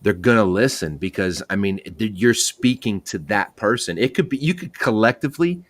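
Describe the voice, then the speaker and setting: Male host, low voice, dry close sound, encouraging and rambling. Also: expressive, normal speed, dry recording. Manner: encouraging, repeats himself. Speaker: podcast host. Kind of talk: casual chat.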